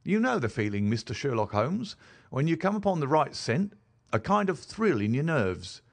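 Man voicing an eager detective, brisk, self-satisfied, lively pitch. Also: creaky, full character voice. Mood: boastful. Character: eager male police detective telling his tale.

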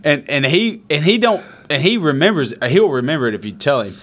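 Lively male chat partner. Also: fairly quick. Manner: animated storyteller, jumps high when quoting people. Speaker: friend in conversation. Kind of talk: casual chat.

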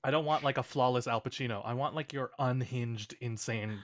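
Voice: medium pitch, a little fast, no room sound, studio quality. A co-host in casual chat, musing aloud and restarting sentences. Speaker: podcast co-host.

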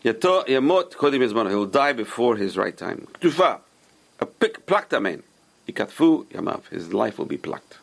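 A man's voice: mid-range voice, very animated, normal speed, gravelly. A man teaching an informal Torah class, explaining Hebrew sources and giving emphatic warnings.

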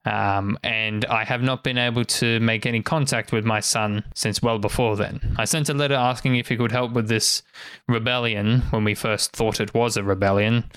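A man voicing a proud old male chief who speaks slowly and formally. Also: medium pitch, fairly even intonation, a bit bright, clean tone, no echo, close to an everyday voice. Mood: grave.

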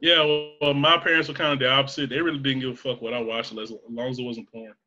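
A man's voice: medium pitch, flat delivery, fast, sharp tone, lo-fi sound. A man chatting casually as co-host, cursing freely, laughing often and acting out movie lines. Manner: profane, laughs a lot, acts out movie quotes. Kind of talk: casual chat.

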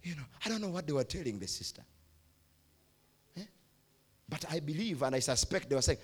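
A man's voice: on the high side, lively intonation, fairly quick, long pauses, slightly rough. A man with a Ugandan accent, preaching a youth sermon as pastor, emphatic and repeating key phrases. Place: church hall.

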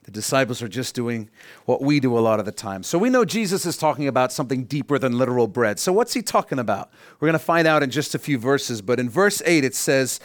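A middle-aged male pastor preaching a sermon, his voice climbing to emphatic peaks and sinking to hushed asides. The sound is dry and close, with little room around him. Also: medium pitch, fast talker, no room sound. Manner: animated, rising to emphatic peaks and dropping to quiet asides.

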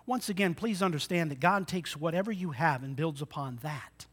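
A male pastor preaching a sermon, acting out the story in lively retellings and asking the congregation rhetorical questions. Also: fairly high pitch, moderate pace, slightly rough. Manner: dramatic retellings with shifting loudness.

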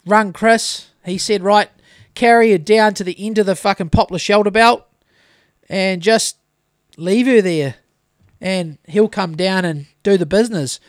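Man, New Zealand accent, casual podcast chat, rambling and sweary, high pitch. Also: measured pace, no room sound, studio quality. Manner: swears a lot, rambling storytelling. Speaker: podcast host.

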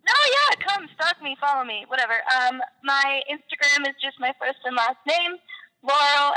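Bright, high-voiced young woman telling stories. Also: normal speed, poor audio. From Boston area. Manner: candid, storytelling, laughs easily. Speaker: podcast guest, actress. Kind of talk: casual interview chat.

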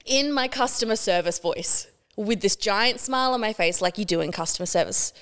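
A woman's voice: mid-range voice, normal speed. A young woman co-hosting a casual podcast, telling a work story with lots of swearing and acted-out quotes. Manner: animated storytelling, swears freely, acts out quotes. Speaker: podcast co-host.

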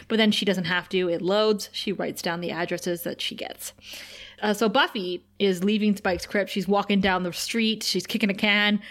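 A woman co-hosting a casual podcast, retelling scenes with lively quoted lines. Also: mid-range voice, moderate pace. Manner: animated retelling, quoting characters in put-on voices. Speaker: podcast co-host. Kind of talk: casual recap chat.

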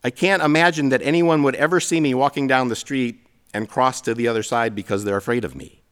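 A man's voice: medium pitch, fairly even intonation, a little fast, a bit bright, clean tone. Man preaching a storytelling sermon. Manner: storytelling, self-deprecating humor. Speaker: pastor.

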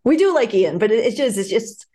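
A woman's voice: a little high, fairly quick. Laughing woman co-hosting a chat podcast. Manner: animated, laughs often. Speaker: podcast co-host.

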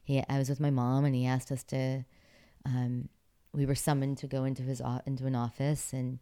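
A woman's voice: very deep voice, level tone, moderate pace, warm tone, clear, resonant tone. A woman from Pittsburgh, an actress and former figure skater, telling stories as an interview guest in a chatty way, laughing often. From Pittsburgh, USA. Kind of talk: casual interview storytelling.

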